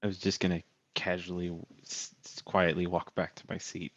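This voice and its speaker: Low-voiced man, dull, dry audio. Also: level tone, normal speed, a bit bright. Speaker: player. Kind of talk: playing a tabletop role-playing game.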